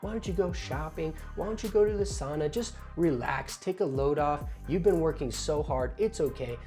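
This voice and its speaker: Guy doing a soft coddling hippie lady, all breezy and soothing, faint music behind. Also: fairly high pitch, normal speed, close to an everyday voice. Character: airy, soothing hippie woman who indulges everyone.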